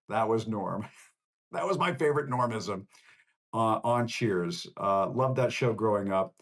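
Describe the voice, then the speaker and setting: A man's voice: on the low side, animated, a little slow, fairly bright tone. A man from Northern Virginia hosting a live show, signing off in a conversational, rambling, personal way. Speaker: host. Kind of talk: casual livestream sign-off.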